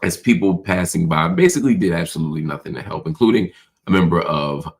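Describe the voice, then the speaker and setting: A man hosting a casual nightly livestream show, slightly hoarse from a cold, talking loosely and calling his viewers y'all. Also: sits low, lively intonation, fast. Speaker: host.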